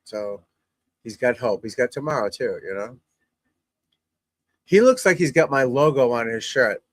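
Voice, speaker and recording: A man's voice: medium pitch, expressive, measured pace, no room sound. A middle-aged man, a golf instructor, chatting casually and bluntly while watching golf on TV, rambling and swearing freely. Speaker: golf instructor and channel host.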